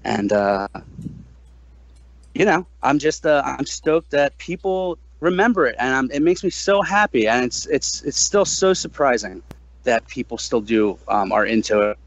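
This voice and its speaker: Lively, animated man in his thirties. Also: measured pace, no echo, dull audio. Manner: animated, swears freely, jumps to a high voice when quoting himself. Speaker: guest musician, drummer. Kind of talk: casual podcast interview chat.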